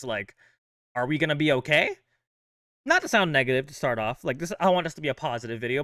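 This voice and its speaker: Bright, crisp-voiced upbeat male host. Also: medium pitch, no room sound, studio quality. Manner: chatty and upbeat, loose with fillers. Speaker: host of a fan sports channel. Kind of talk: casual chat.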